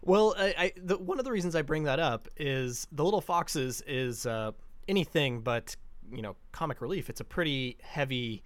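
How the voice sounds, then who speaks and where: Halting male interviewer, smooth dry voice. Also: a little high, dry recording. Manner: hesitant, many restarts and fillers. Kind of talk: interview questions.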